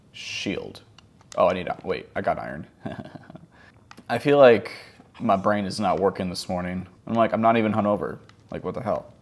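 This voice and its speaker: A man around thirty talks casually while he plays, his low voice rising and falling all over the place. He rambles and mocks himself, mumbling one moment and yelping the next. A faint hiss sits under the recording. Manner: rambling, self-mocking, swings from mumbles to yelps. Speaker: gaming vlogger. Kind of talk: casual chat over gameplay.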